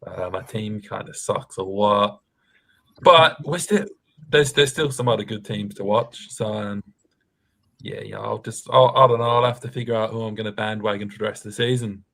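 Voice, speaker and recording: A man's voice: fairly low pitch, normal speed, creaky, fairly bright tone. A man in casual football chat, hesitant and rambling. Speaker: panelist.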